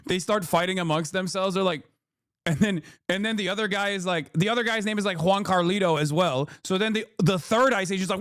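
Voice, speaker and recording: A man's voice: high voice, moderate pace, a bit bright, clean tone, no echo, clean studio sound. A man reacting to news clips on a live stream, ranting in disbelief and swearing a lot. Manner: profane, incredulous ranting.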